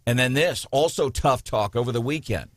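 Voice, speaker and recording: A man's voice: medium pitch, normal speed, no echo. A man with a Midwestern American accent hosting a morning radio show, rambling and joking sarcastically. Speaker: radio host. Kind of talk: casual talk radio banter. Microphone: studio mic.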